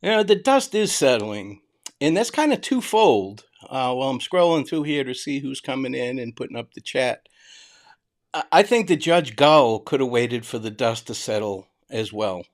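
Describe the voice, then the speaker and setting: A man's voice: mid-range voice, animated, normal speed. A retired man with a Boston accent who drops his R's, hosting a live stream in a chatty way and greeting viewers by name. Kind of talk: casual live-stream commentary.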